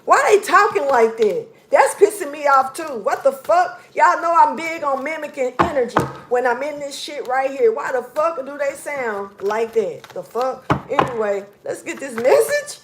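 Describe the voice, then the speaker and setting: A woman giving a casual tarot reading, blunt and profane, emphatic, dropping to low mutters. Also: lively intonation, normal speed, hardly any pauses, background noise. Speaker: tarot reader.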